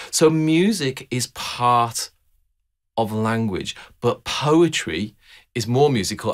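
A man giving an explanatory talk about music to a camera, thoughtful and conversational, often restarting phrases and asking rhetorical questions. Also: mid-range voice. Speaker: music teacher.

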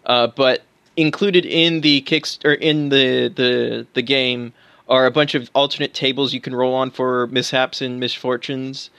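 A man's voice: mid-range voice, fairly even intonation, measured pace, gravelly, a bit bright, clear, resonant tone, dry recording. A man co-hosting a casual podcast about tabletop games, talking enthusiastically with fillers and restarts. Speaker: podcast co-host.

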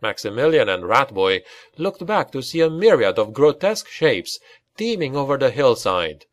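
A man narrating a dark fantasy audiobook in a grave, dramatic storytelling manner. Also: medium pitch, very animated, normal speed.

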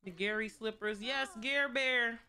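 Bright-voiced woman streamer, slangy chat. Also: on the high side. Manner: playful, slangy, quick jokes to chat. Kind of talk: casual gameplay commentary.

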